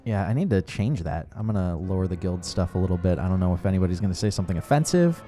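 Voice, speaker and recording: Low-pitched and warm, this man talks fast with lively intonation while faint music plays behind him. As co-host showing a video game, he keeps the commentary casual and good-natured, frequently starting sentences over.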